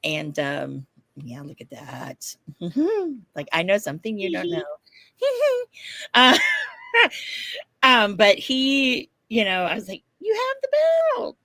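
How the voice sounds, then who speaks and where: Woman, podcast co-host, casual storytelling, animated and laughing, dry recording. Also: medium pitch, takes it slowly, vocal fry, pauses often, no room sound.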